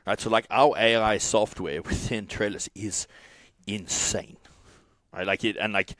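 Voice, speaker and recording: Low-voiced sweary man telling a story. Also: steady tone, unhurried, fairly bright tone, no room sound. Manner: swears often, rambling with restarts. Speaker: coach and software co-founder. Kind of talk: casual podcast storytelling.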